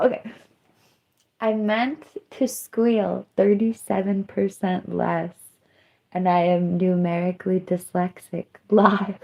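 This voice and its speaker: A woman live streamer chatting casually to her viewers. She rambles loosely, mocks herself and breaks into squeals and yells. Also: mid-range voice, steady tone, slow, vocal fry. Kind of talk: casual livestream chat.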